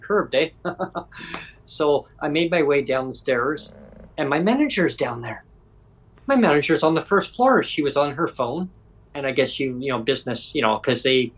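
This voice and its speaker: A man from Canada hosting a podcast, telling a story casually and acting out the voices he quotes. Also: mid-range voice. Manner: animated, acts out quoted voices. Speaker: podcast host. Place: home.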